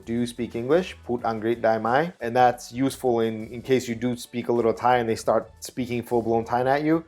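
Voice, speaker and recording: A man hosting a casual language lesson, relaxed and chatty, explaining things slowly. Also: mid-range voice. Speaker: travel video host.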